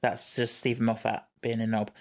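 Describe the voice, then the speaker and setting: A man's voice: fairly low pitch, level tone, normal speed. A man co-hosting a podcast in casual chat, playful and encouraging, often giggling. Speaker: podcast co-host.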